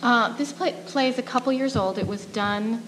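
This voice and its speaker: A woman theatre director talking in an interview. She explains thoughtfully, with frequent pauses and fillers. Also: on the high side, fairly bright tone, slight background noise, rough recording. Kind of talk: casual interview.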